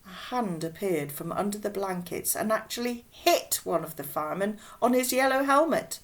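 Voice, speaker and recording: A woman reading a children's novel aloud with expressive, unhurried storybook narration. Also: mid-range voice. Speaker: audiobook reader.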